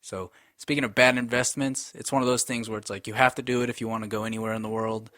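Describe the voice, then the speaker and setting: A man's voice: lowish voice, fairly even intonation, fast talker, a bit bright, no room sound, studio quality. A man in his twenties co-hosting a podcast, ranting with lots of swearing and acting out quoted voices in casual chat. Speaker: podcast co-host.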